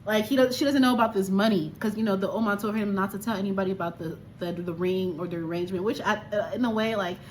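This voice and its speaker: A woman's voice: medium pitch, quick pace, hardly any pauses, darkish tone, slight background noise. A woman from Liberia chatting animatedly and exclaiming as she reviews a film. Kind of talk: casual movie review.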